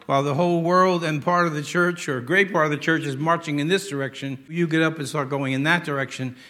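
A man's voice: a little high, steady tone, a bit bright. Emphatic older male pastor preaching. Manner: emphatic, stretches key words slowly. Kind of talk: sermon.

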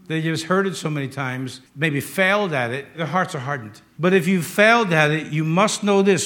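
An older man preaching a sermon as pastor, emphatic, moving between loud raised lines and quiet asides. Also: mid-range voice.

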